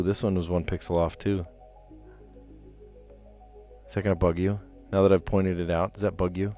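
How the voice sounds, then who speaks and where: A man's voice: fairly low pitch, a little mellow. A man casually chatting on a live stream, reading puzzle clues aloud and rambling to his viewers. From New Jersey.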